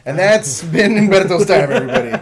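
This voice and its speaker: A man co-hosting a podcast, steering the casual chat with questions and quick bursts of speech. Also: sits high, expressive, a loud crowd. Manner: steers the talk, quick bursts, easy laughter. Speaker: podcast co-host.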